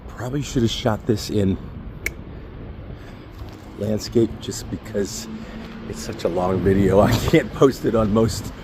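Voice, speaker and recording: A man's voice: on the low side, a little slow, pauses often. Rambling man vlogging on a noisy street. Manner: rambling and easily sidetracked. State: slightly out of breath from walking uphill. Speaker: airline pilot and travel vlogger. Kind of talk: casual walking vlog. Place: outdoors on a city residential street. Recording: noisy outdoor street ambience. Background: street traffic.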